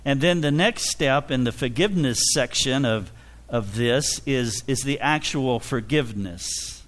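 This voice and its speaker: A man's voice: medium pitch, unhurried. A man preaching a sermon, acting out little dialogues and laughing between points.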